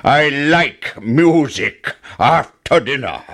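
A man voicing a huge wicked giant, speaking in slow, drawn-out booming threats with a husky edge. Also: lively intonation, fairly bright tone, exaggerated voice. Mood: commanding.

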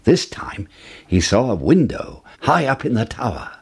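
A man narrating a fairy tale in an expressive, sing-song storybook manner. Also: mid-range voice, unhurried, vocal fry, husky.

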